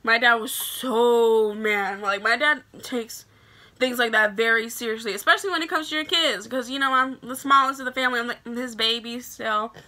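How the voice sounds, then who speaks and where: A young woman from Illinois telling a story to her camera in a chatty, animated way, full of "like" fillers. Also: a little high, moderate pace.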